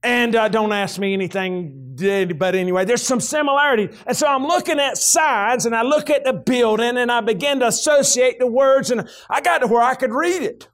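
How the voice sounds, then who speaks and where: Folksy Southern preacher, high and shouting. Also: male voice, moderate pace, hardly any pauses. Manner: folksy, animated, breaks into shouts when excited. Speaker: pastor. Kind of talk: sermon.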